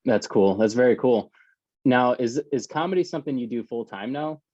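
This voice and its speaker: A man hosts a casual podcast, laughing often and nudging his guest along with short replies. His voice sits at a middle pitch. The recording is dry and a little dull, with the top end rolled off. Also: moderate pace, darkish tone, no echo. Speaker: podcast host.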